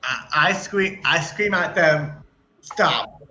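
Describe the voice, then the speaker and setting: A man playing in a tabletop game, who talks in a hesitant, halting way with many uhs. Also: fairly high pitch, a crowd in the background. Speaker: player. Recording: echoey, dull room recording.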